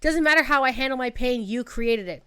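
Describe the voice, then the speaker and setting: A woman's voice: on the high side, fairly quick, sharp tone, clean tone, no room sound, studio quality. A woman hosting a commentary channel, reading messages aloud and explaining her take with lots of likes and restarts.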